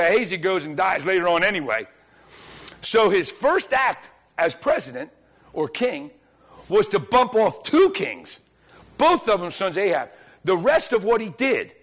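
Animated high-voiced male preacher. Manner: animated, colloquial storytelling that acts out dialogue. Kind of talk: sermon. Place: church, speaking before a congregation.

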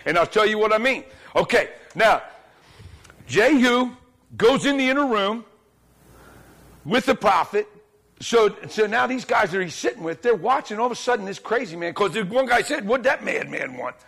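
A man preaching a sermon to a congregation in church, telling the story in a lively, colloquial way and acting out the dialogue. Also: high voice, normal speed. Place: church, speaking before a congregation.

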